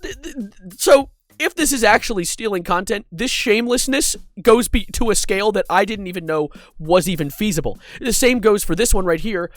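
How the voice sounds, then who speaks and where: A man's voice: sits high, expressive, fairly quick, no room sound. A man doing a commentary video, sarcastic and exasperated, swearing casually as he breaks down online drama. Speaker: YouTube commentator.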